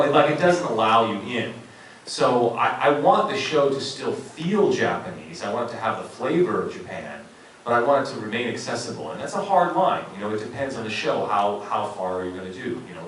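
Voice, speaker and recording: This is a middle-aged male voice actor chatting on a convention panel, articulate and animated, with frequent laughs. His voice sits low and moves through a wide range. The sound comes from a distant mic in a very echoey hall with faint noise behind him. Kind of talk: casual panel talk.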